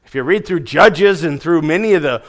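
High-voiced emphatic male preacher. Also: expressive, normal speed, fairly bright tone. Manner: emphatic preaching, rising on key phrases and dropping low at line ends. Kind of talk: sermon.

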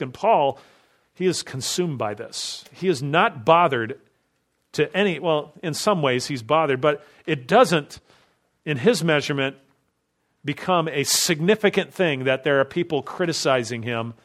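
A man preaching an expository sermon, driving his points home with emphatic strings of rhetorical questions. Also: a little high. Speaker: pastor.

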